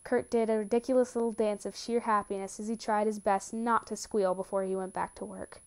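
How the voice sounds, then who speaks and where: A woman reading a romance story aloud with steady, calm narration. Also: medium pitch, a little fast. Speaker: reader. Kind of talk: reading fan fiction aloud.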